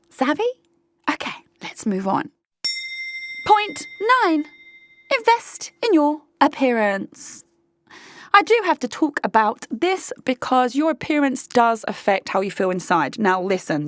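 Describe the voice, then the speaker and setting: A woman's voice: on the high side, big pitch swings, unhurried, no echo. A woman hosting a casual monologue podcast, blunt and sweary, talking straight to her listeners. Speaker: podcast host.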